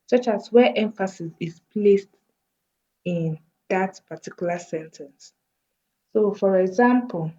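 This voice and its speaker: Slow-paced woman explaining code. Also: fairly low pitch, warm tone, highs cut off. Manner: slow, thinking aloud while typing. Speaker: coding tutor. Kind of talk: screen-recorded coding tutorial.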